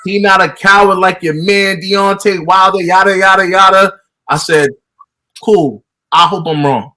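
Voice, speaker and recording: A man's voice: high-pitched, fairly even intonation, a little slow, bright, forceful tone. A man co-hosting a boxing talk show, chatting in a laid-back storytelling way. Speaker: boxing podcast co-host. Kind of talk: casual chat.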